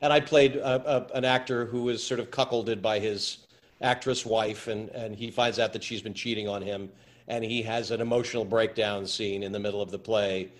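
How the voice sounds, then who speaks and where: A man, an actor being interviewed, telling stories in a halting way with many repeated words. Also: lowish voice, fairly even intonation. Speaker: actor guest. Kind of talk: anecdotal interview chat.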